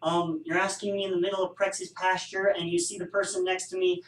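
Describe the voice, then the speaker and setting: A man's voice: high voice, level tone, brisk, fairly bright tone. Wry male statistics lecturer, echoey room. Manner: wry, joking asides. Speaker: statistics instructor. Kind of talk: recorded classroom lecture. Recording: echoey room, distant mic.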